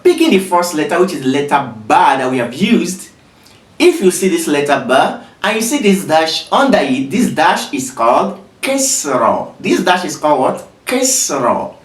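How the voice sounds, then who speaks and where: A teacher giving a slow beginner lesson, patiently repeating each letter sound several times. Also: mid-range voice, very animated, far from the mic. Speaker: Arabic teacher. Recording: roomy echo, voice away from mic.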